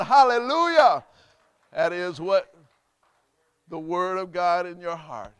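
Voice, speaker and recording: A man preaching a call-and-response sermon, prompting the congregation and bursting into shouts. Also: a little high, dry recording.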